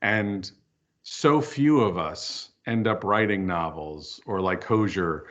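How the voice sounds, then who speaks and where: A man's voice: low voice, slow pace. Candid storytelling man, lo-fi sound. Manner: candid, storytelling, lively asides. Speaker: filmmaker and author guest. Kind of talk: casual interview chat. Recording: dull lo-fi audio.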